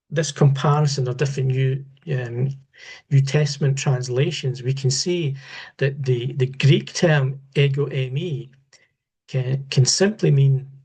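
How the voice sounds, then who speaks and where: A man giving an unscripted Bible study lesson, measured and halting, often restarting his words. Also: medium pitch, creaky, a little mellow. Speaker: Bible teacher.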